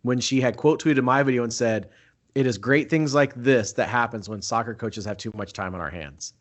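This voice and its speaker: A man chatting casually as host, telling an excitable story and acting out what people said. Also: mid-range voice, moderate pace. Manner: excitable storyteller, acts out quoted talk. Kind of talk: casual chat.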